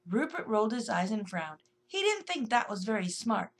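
Gentle lady reading a kids' rhyming story, sing-songy, bouncy pitch. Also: sing-song, normal speed. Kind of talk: rhyming children's story narration.

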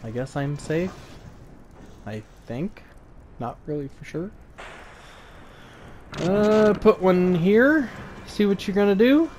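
A man giving a relaxed let's play commentary, thinking aloud in a flat, low-key way and often repeating small words. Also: a little hiss or hum. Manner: low-key, flat delivery despite interest. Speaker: gaming channel host.

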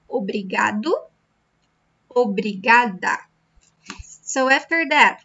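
Woman language teacher, bright tone, slightly dull recording, patient and repetitive. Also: a little high. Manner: slow, patient, repeats words for practice. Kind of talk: beginner language lesson.

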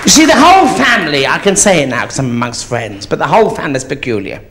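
A man's voice: on the high side, big pitch swings, fast talker, a bit bright, a little hiss or hum. A man playing a crude, gossiping old granny in a live stand-up act, camp and swearing freely. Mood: gossipy. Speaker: drag comedian. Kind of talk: live stand-up comedy in character. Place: theatre stage before an audience.

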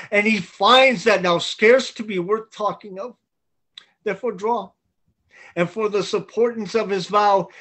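A man's voice: high voice, fairly bright tone. A man reading a boisterous, scheming knight in a Zoom play reading, with a blustering, persuasive delivery. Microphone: video call.

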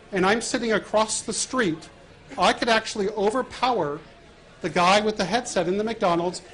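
An author with a high voice tells stories animatedly to an audience, laughing at his own pranks. He walks around as he talks, using a wireless mic.

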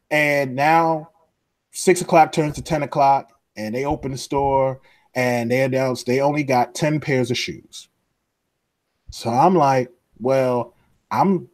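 A man's voice: on the high side, a little mellow. A man with a New York accent, co-hosting a podcast and telling a long story while acting out other people's voices. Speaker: podcast co-host. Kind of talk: animated storytelling.

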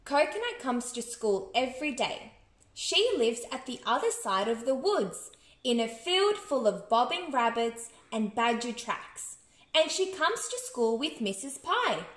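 An Australian woman reading a bedtime story to children in an expressive, sing-song way. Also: on the high side, a little slow. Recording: echoey room.

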